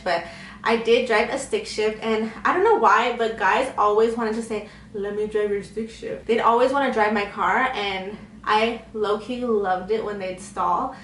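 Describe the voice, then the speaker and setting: A woman's voice: a little high, fairly bright tone, slight background noise. A young woman telling a personal story in a candid, chatty way, acting out what others said. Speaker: vlogger. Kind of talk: casual storytime chat. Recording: echoey room, faint ambience.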